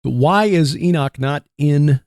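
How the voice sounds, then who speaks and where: A man's voice: on the high side, a little mellow, smooth, no room sound, clean studio sound. Midwestern man hosting a Christian talk show. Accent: Midwestern American. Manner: rambling, halting with many fillers. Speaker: radio show host. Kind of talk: casual Christian radio talk. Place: barn studio.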